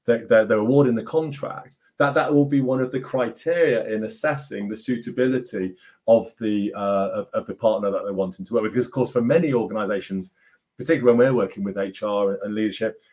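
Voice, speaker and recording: Rambling low-voiced man chatting. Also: fast talker, a little mellow. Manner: rambling, restarts often. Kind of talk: casual conversation on a video call.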